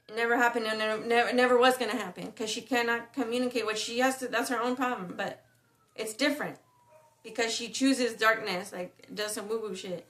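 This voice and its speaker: A woman talks straight to the camera in a casual, meandering monologue, filled with slang, fillers and false starts. Her voice sits a little high and sounds bright and forceful. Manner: slangy, rambling, frequent fillers and restarts. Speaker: spiritual vlogger.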